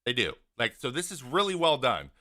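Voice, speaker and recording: A man's voice: medium pitch, brisk, slight background noise. A man hosting a casual talk show, breaking down a game clip, blunt and exasperated, acting out what players say. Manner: animated, acts out what players say. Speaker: host, former pitcher. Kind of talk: casual video breakdown commentary.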